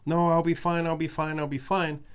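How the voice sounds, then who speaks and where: A man's voice: flat delivery, a little fast, clean tone, lightly acted. A man voicing an anxious young woman in a quoted story, pleading in a raised voice. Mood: insisting. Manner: pleading, higher-pitched quoting voice. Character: anxious young woman insisting she's fine.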